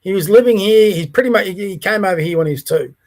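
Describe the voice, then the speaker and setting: Aussie bloke, middle-aged, high-ish voice, ranting blunt and coarse on his podcast. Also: quick pace, darkish tone. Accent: Australian. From Australia. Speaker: podcast host. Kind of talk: ranting solo commentary.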